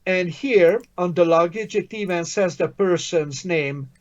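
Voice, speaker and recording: A man's voice: sits high, unhurried, darkish tone, muffled recording. A man teaching a language lesson online, patient and encouraging, praising his student often.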